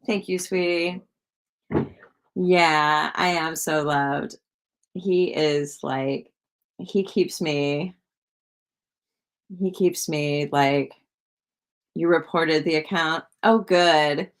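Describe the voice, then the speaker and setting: Woman psychic hosting a live stream, unhurried, on the lower side, loose rambling chat peppered with "like", keeps turning questions back to viewers. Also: steady tone.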